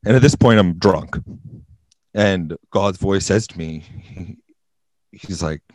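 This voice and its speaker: A young man with a very deep voice tells a personal story, earnest and heavy on profanity. The sound is dry and close, with no room around it. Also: slow pace, no echo, rough recording. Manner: profane, deadpan-serious storytelling. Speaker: podcast guest. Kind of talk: casual storytelling.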